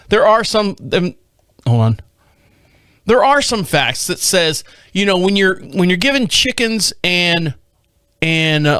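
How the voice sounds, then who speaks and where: A man's voice: high voice, a bit bright, clear, resonant tone, no room sound, clean studio sound. A man hosting a podcast, reading news aloud in a casual way, stumbling over words and adding jokey asides. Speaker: podcast host.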